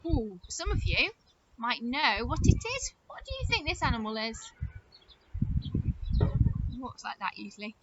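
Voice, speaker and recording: A woman teacher leading an early-years phonics lesson, speaking slowly and encouragingly as she says words clearly and claps out their syllables. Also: a little high, sing-song. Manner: slow, sing-song, encouraging, clapping out syllables. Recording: dull lo-fi sound with loud noise.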